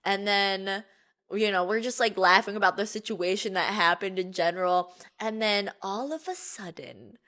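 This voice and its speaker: A woman's voice: medium pitch, normal speed. A young woman co-hosting a podcast, telling a story in casual chat, swearing and laughing often as she quotes people. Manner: swearing, laughing often, quoting others with animated voices. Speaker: podcast co-host.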